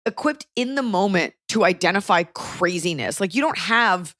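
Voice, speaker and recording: A young adult woman hosting a podcast, reading a listener's letter aloud with animated, comic asides. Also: lowish voice, normal speed, dry recording, studio quality. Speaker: podcast host.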